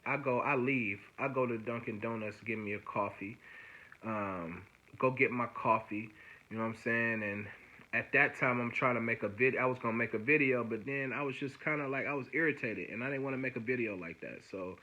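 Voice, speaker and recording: Male vlogger, casual storytelling, bright and forceful tone, rambling and animated, heavy fillers. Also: medium pitch, a little fast, highs cut off. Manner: rambling, heavy fillers, frequent "you know what I'm saying"; animated and exasperated retelling.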